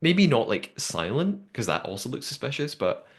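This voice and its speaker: A young man hosting a podcast, chatting casually and telling the story in a lively way with lots of fillers. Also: medium pitch, normal speed. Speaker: podcast host. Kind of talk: casual recap chat.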